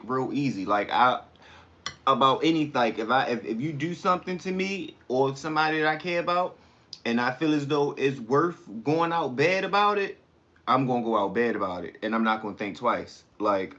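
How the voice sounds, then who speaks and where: A man's voice: mid-range voice, a bit bright, highs cut off. A man hosting a casual live stream, eating while he talks back to comments in a rambling, blunt way. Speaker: livestream host.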